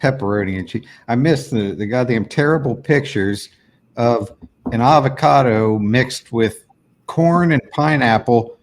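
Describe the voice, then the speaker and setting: A man's voice: mid-range voice, a little slow. A man co-hosting a podcast, teasing his co-host in casual, profane banter.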